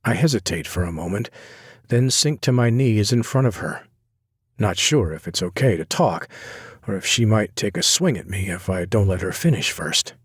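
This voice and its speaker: A man narrating a first-person romance audiobook in a low-key, wry inner-monologue manner. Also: expressive, moderate pace, breathy edge, no echo, clean studio sound.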